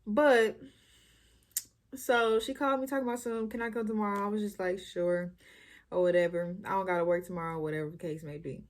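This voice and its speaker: A woman's voice: medium pitch, a little fast. A young woman, chatting casually and animatedly as she tells a story-time vlog. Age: young adult. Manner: chatty, slangy, animated retelling. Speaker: YouTuber.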